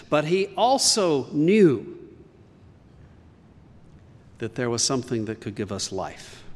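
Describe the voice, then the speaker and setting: Man, pastor, slow earnest sermon, mid-pitched voice, long reverb. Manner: slow, earnest preaching with emphatic rises.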